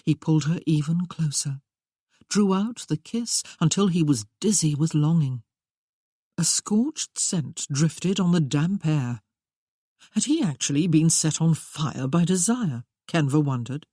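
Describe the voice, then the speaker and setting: A woman narrating a romance novel in a measured, steady manner. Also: low voice, husky, no room sound, clean studio sound. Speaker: audiobook narrator.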